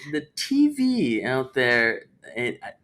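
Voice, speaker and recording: A man's voice: mid-range voice, huge pitch swings, slow, fairly bright tone. Young man, comedy podcast co-host, rambling, stammering, laid-back chat.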